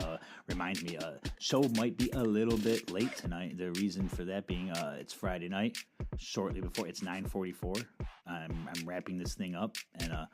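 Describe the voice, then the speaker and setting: A middle-aged man hosting his own podcast, talking in a casual, rambling monologue full of fillers, restarts and swearing. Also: sits low. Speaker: podcast host. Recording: music playing behind.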